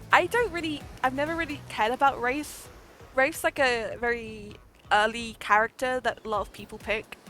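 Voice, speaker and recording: A woman streaming a dating game, chatting casually and giggling often. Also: a little high. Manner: giggly, lively.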